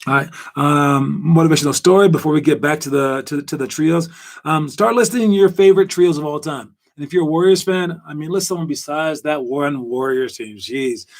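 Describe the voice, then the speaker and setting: A man hosting a casual basketball podcast, rambling and animated with lots of fillers. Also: fairly high pitch, moderate pace. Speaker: podcast host.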